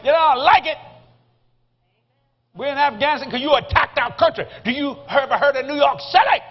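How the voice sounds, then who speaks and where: A man's voice: on the high side, expressive, fast talker, natural voice. A man putting on an outspoken scolding wife. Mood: indignant. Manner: loud scolding, indignant. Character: feisty middle-aged wife, outspoken, scolding. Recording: slightly muffled recording.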